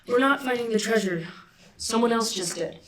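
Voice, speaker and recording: A dry, teasing young hunter, voiced by an actress delivers her lines in an even, mid-pitched voice. She sounds set back from the mic, and the sound bounces around an echoey space. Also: normal speed, recorded from a distance, lightly acted. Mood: sardonic.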